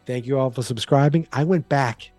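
A man's voice: medium pitch, moderate pace, darkish tone, dry recording, faint music behind. A man with a Boston accent hosting a solo podcast in a rambling, playful, self-deprecating way. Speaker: podcast host. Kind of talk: casual solo podcast chat.

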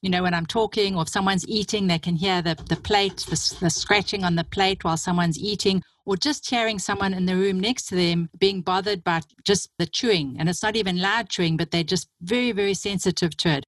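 A woman's voice: on the low side, steady tone, fairly quick, hardly any pauses, no echo. Enthusiastic woman host, dry close sound. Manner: enthusiastic, talkative. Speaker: summit host. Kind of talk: interview hosting.

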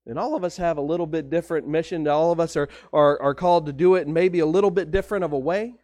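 A man's voice: fairly high pitch, fast, darkish tone, no room sound. A pastor, preaching a conversational sermon with stories from his own life. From Texas.

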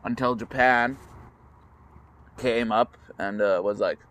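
A man telling history as a crude, rambling comedy rant, halting with fillers and jumping into squeaky mocking voices. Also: steady tone, a bit bright, slight background noise. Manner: jumps into squeaky high mocking voices for countries.

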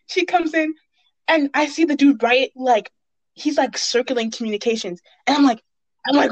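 A woman's voice: high voice, moderate pace, rough recording. A young woman in casual chat, telling game stories expressively and laughing often. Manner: lively, expressive storytelling with laughter.

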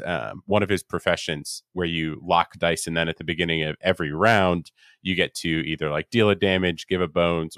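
Deep-voiced easygoing male co-host. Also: fairly bright tone, no room sound, clean studio sound. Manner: easygoing, hesitant with many ums. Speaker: podcast co-host. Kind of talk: casual podcast chat.

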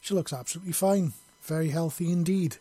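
A man voicing a huge, gentle female alien queen who is a proud mother, in a storybook reading. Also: a little high, fairly quick, husky, no echo, pitched above the performer's own voice. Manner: proud, earnest.

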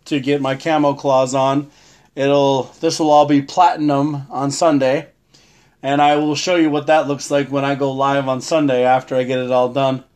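Rambling about holidays and shopping, this livestream host keeps things casual, laughing often and calling out viewers by name. His voice is medium in pitch and a little mellow.

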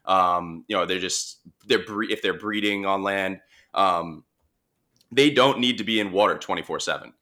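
A young man with a Long Island accent, telling a work story in a relaxed, chatty way, with lots of restarts and fillers. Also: low voice, normal speed. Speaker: marine mammal responder. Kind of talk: casual storytelling conversation.

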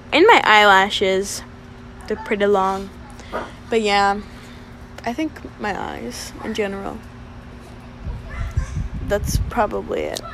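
A young woman in casual chat, rambling and hesitant as she answers questions, with frequent fillers and giggles. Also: medium pitch. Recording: noisy home recording.

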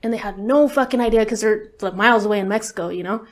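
Speaking quickly in a mid-range voice, a woman appears as an interview guest and tells a personal story. She's casual and candid, swearing often and leaning heavily on filler words.

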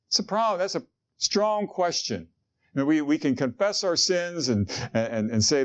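A man's voice: on the high side, animated, moderate pace, highs cut off. A man preaching a sermon in an earnest, conversational way, asking his listeners questions. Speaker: pastor.

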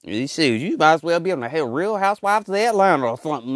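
A man's voice: a little high, lively intonation, a little fast, hardly any pauses, no echo, clean studio sound. A man ranting in a loose, rambling comic monologue, full of slang and filler words. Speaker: podcast host. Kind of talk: comedic rant monologue.

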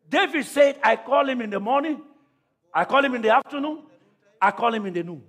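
High-pitched, bright shouting preacher. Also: male voice, animated, a little fast, long pauses. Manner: call-and-response preaching, often shouting. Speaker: pastor. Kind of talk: sermon. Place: church.

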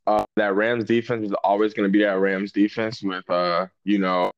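Animated man, dull lo-fi audio. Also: on the low side, moderate pace, no echo. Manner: animated, emphatic, restarts a lot. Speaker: guest. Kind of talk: casual sports chat.

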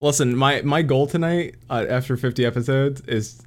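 A man from Florida co-hosting a podcast, telling stories in an animated way, laughing often and acting out what people said. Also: medium pitch, normal speed. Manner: animated storyteller, laughs often, acts out quotes. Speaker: podcast co-host. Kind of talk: casual chat.

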